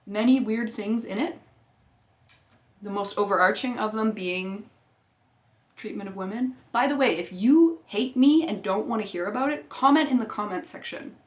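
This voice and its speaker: A young woman chatting casually as a vlogger, rambling through tangents and swearing freely. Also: mid-range voice. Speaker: movie rewatch vlogger. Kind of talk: casual chat.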